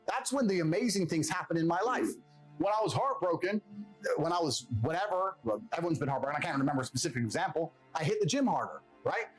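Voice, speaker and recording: Fast, animated man giving blunt motivation. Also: high-pitched, poor audio. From England. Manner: blunt, profane, self-assured. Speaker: podcast guest. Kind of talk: motivational monologue.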